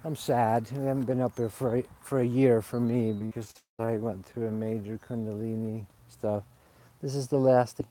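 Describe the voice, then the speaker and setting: A man raised in Sweden talks in a loose, meandering monologue, wandering off mid-sentence and circling back. His voice is dark and relaxed, and a slightly tipsy looseness runs through his talk. He speaks outdoors in a garden. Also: medium pitch, normal speed. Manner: meandering, digressive, confessional. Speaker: spiritual vlogger. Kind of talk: rambling casual monologue. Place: outdoors in a garden under a fruit tree.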